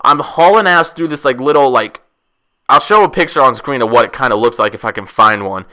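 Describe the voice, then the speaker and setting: A young man telling a wild story casually, profane, rambling and excitable. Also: mid-range voice, brisk. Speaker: vlogger.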